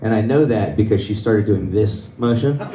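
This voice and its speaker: A man's voice: fairly low pitch, moderate pace, noisy background. A young man doing a stand-up comedy set on a club stage, telling stories conversationally and laughing at his own jokes. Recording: roomy club sound, mic from a distance.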